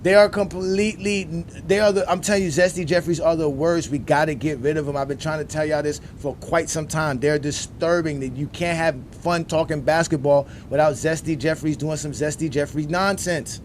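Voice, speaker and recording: A man hosting a sports debate show, ranting emphatically and repeating himself, swinging from loud outbursts to low muttering. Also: steady tone, normal speed, few pauses, slight background noise. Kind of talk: ranting commentary.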